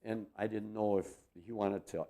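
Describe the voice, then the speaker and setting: An older man in his eighties with a lowish voice recounts local memories. He wanders through his stories with many fillers and chuckles warmly at the funny parts. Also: fairly even intonation, normal speed. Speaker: interviewee. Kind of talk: reminiscing storytelling.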